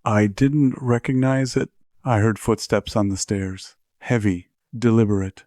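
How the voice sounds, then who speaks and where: A man with a low voice narrating a scripted horror story in a measured, even way. The recording is dry and close, with no room sound. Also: no room sound.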